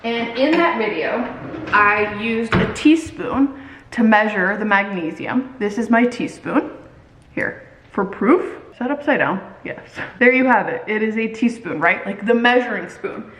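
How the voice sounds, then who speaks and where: A woman's voice: fairly high pitch, expressive, a little slow, fairly bright tone. Giggly woman vlogging in an echoey kitchen. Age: 30s. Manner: chatty, giggly, dramatic. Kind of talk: casual chat. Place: home kitchen.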